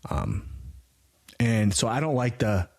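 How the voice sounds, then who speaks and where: A man's voice: mid-range voice, big pitch swings, slow, gravelly, darkish tone. A man in his forties co-hosting a podcast, talking in a blunt, profane, rambling way. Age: 40s. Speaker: podcast co-host. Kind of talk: casual podcast chat.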